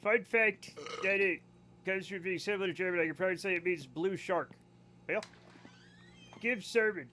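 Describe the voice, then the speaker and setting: Male streamer, high voice, casual rambling chat, jokey and self-mocking. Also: normal speed, pauses often, sharp tone, a little hiss or hum. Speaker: live streamer. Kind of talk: casual gameplay chat with viewers.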